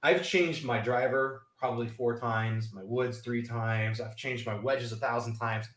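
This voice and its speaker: A man's voice: mid-range voice, fairly even intonation, a little slow, fairly bright tone, roomy sound. A man co-hosting a casual golf live stream, telling rambling stories and acting out the voices of the people in them. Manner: rambling storyteller, acts out quoted voices. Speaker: golf podcast co-host.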